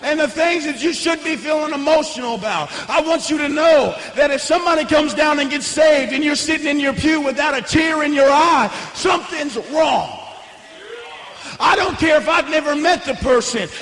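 A young man preaching a fiery revival sermon in a church, hollering and swinging between hushed lines and shouts. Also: extremely high pitch, moderate pace. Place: church sanctuary. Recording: echoey church hall with long reverb.

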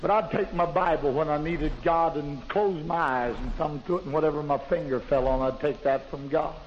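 A man preaching a fervent testimony in a plain, folksy way, building up to loud, shouted praise. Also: fairly high pitch, steady tone, moderate pace, big-room sound. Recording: dull lo-fi recording with faint hiss.

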